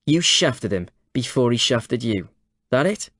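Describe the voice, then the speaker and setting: A man's voice: medium pitch, very animated, measured pace, a bit bright, no room sound. A man voicing a sardonic journalist. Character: sharp, skeptical male journalist. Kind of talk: audiobook character voice.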